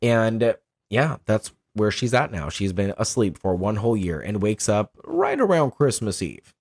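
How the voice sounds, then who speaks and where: A man co-hosting a podcast, recapping a film plot in a casual, animated way and laughing often. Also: fairly low pitch, moderate pace, creaky, dry recording, studio quality. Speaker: podcast co-host. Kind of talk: casual film review chat.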